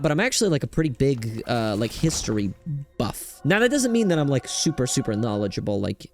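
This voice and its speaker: Excitable young man with a lively, high voice. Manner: rambling, filler-heavy, excitable. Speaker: gaming streamer. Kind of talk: casual gameplay commentary.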